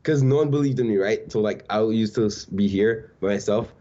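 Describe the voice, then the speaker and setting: Laid-back young man, low voice, dull sound. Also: fairly quick, warm tone. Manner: laid-back, says bro a lot. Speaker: guest, social media creator. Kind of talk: casual interview chat.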